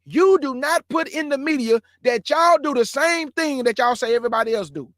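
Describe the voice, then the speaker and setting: Speaking in a very high, slightly bright voice at a moderate pace, a male show host gives an earnest, impassioned monologue aimed right at viewers. He refers to them as family, brother, and bruh, turning heated and emphatic. The recording is dry and studio quality.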